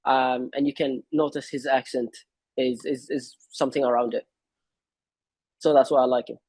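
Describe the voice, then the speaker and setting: Husky-voiced hesitant male guest. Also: medium pitch, little pitch movement, normal speed, a little mellow, dry recording. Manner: hesitant, many fillers and restarts. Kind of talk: casual conversation.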